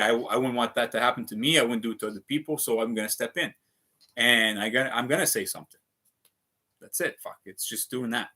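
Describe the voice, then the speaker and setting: A man's voice: medium pitch, sharp tone. A man giving a rambling, earnest motivational monologue to his viewers, swearing often and restarting his sentences. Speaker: vlogger.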